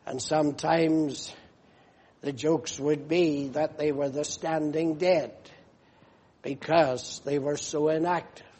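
A man preaching a sermon as pastor, slow and emphatic, leaning on repeated phrases. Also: a little high, fairly even intonation, darkish tone, breathy edge. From United Kingdom.

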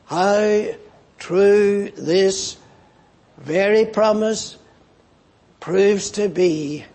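Man preaching a sermon, high voice, slow and earnest, husky edge, pleading questions. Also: a little mellow.

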